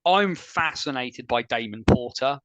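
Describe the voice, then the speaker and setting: A man hosting a casual sports podcast, chatty and opinionated, with quick asides. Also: medium pitch, animated, fairly bright tone, dry recording, poor audio. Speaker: podcast host.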